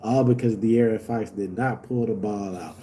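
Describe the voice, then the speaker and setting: A young man reacting live to a basketball game, yelling at the players and swearing, moving from low grumbling to loud outbursts. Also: steady tone, moderate pace, slight background noise. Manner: yells at the players, profane and exasperated; swings from low muttering to loud shouts.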